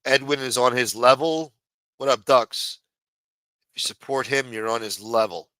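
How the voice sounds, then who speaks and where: In low-quality audio with no room sound, a livestream co-host speaks at a moderate pace in a mid-range voice that is bright and forceful. His heated rant scolds a viewer and is thick with profanity.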